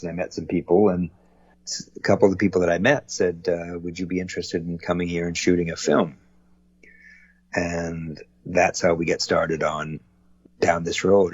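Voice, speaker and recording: Guy actor chatting on a show, deep husky voice, muffled lo-fi audio. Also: a little mellow, no echo. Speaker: actor and producer, guest. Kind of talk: casual interview chat.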